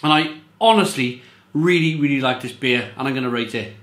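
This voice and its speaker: A man's voice: medium pitch, brisk, fairly bright tone, reverberant. A man reviewing beer in a casual, rambling monologue, often repeating himself and stressing his points.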